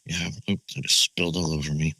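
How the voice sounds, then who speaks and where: A man's voice: rumbling low, level tone, a little fast, pushed and bright, breathy edge, no echo, rough recording. An easygoing man co-hosting a podcast in casual chat, laughing along with his partner. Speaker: podcast co-host.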